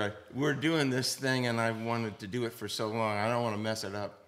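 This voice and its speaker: A man's voice: mid-range voice, normal speed, hardly any pauses. Older man telling drum stories. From United States. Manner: animated, sings rhythms aloud, hisses percussion sounds. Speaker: drummer on the album, panel guest. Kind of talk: anecdotal storytelling on a panel. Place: stage panel before an audience.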